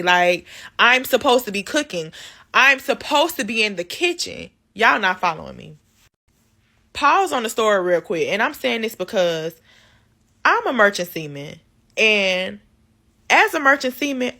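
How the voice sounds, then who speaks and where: Woman vlogger, loose conversational storyteller, candid, talks right to camera, medium pitch. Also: sharp tone. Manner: candid, talks straight to viewers; loose and conversational, many fillers. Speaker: vlogger telling her life story. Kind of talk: casual storytime.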